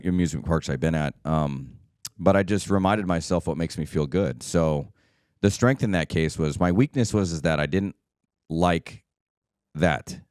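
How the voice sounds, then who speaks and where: A man's voice: very deep voice, darkish tone, no echo, studio quality. A man hosting a solo podcast, talking casually and checking in often with "right?" and "okay?". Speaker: podcast host.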